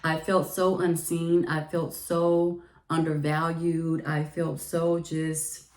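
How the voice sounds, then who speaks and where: A woman who works as a teacher, telling a personal story to the camera in a lively, emotional way. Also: sits low, slow pace, echoey room. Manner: animated, emotional retelling with laughs and quoted voices. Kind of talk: casual storytelling vlog.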